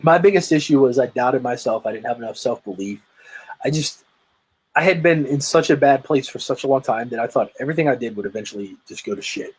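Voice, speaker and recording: Husky, energetic man on a call. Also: mid-range voice, fast, poor audio. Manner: energetic, emphatic storytelling with many restarts. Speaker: guest, lead generation marketer. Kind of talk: casual interview chat.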